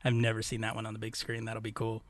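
A man's voice: lowish voice, completely flat delivery, fast talker, dry recording. A man co-hosting a podcast in casual chat, laughing often and rambling through fillers as he recalls things. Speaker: podcast co-host.

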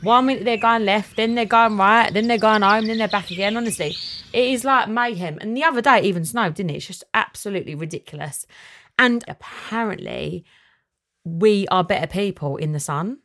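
A young woman with a brisk, mid-range voice hosts a casual solo podcast, chatting and ranting for fun. When she turns to answer her listeners, she becomes warm and reassuring.

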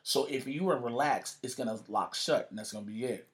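Man, guest storyteller, swears a lot, acts out quoted voices, mid-pitched voice. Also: a little fast. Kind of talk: casual storytelling in conversation.

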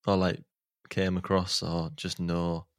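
A deep-voiced man co-hosts a casual podcast, rambling and joking as he goes. His voice sits very low, recorded dry and close on the mic. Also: flat delivery, takes it slowly, no echo. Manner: jokey, rambling, laughs often. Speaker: podcast co-host. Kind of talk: casual chat.

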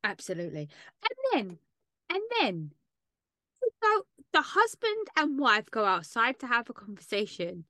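A woman's voice: on the high side, big pitch swings, measured pace, bright, forceful tone, no room sound, studio quality. A woman co-hosting a podcast, chatting casually and recapping reality TV with blunt swearing and exasperation. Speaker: podcast co-host. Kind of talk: casual chat.

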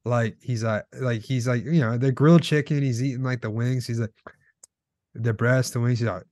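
A man's voice: medium pitch, steady tone, moderate pace, darkish tone, no echo, clean studio sound. A young man reminiscing in a casual, profane chat with a friend.

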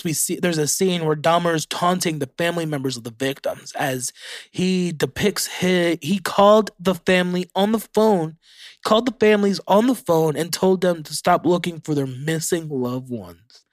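A man's voice: fairly high pitch, normal speed, no room sound, clean studio sound. A young man hosting a casual solo podcast, reading facts aloud and reacting with profanity. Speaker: podcast host.

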